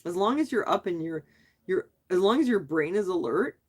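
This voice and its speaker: A woman's voice: lowish voice, animated, normal speed, a little mellow, breathy edge. A middle-aged woman hosting a casual livestream, chatting with viewers and reading their comments aloud, asking questions back and laughing often. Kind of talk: casual live chat.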